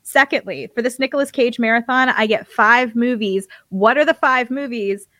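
A woman's voice: a little high, normal speed, bright, forceful tone, no echo. A woman co-hosting a casual podcast chat, chatty and playful, laughing as she talks. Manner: chatty, laughs while talking, playful asides. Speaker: co-host.

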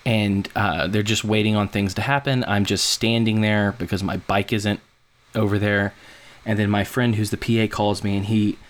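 A man co-hosting a podcast, telling a long story in a rambling, animated way and acting out what people said. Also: fairly low pitch, moderate pace. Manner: rambling, animated, acts out quotes. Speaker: podcast co-host. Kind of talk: casual storytelling chat.

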